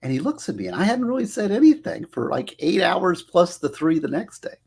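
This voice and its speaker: A man who works as a public defender tells stories about his career in casual, animated talk, acting out the voices of the people he quotes. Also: high-pitched, brisk, gravelly, husky. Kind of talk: casual storytelling monologue.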